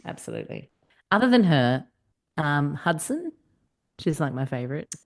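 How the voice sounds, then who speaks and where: A woman's voice: low voice, very animated, normal speed, darkish tone. An Australian woman co-hosting a podcast in casual chat, swearing freely and laughing often. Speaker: podcast co-host.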